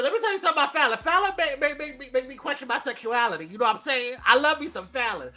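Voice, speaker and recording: Bright-voiced man hosting a live show. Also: very high-pitched, quick pace, hardly any pauses. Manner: lively, greets viewers by name one after another. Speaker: morning show host. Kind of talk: live morning show chat.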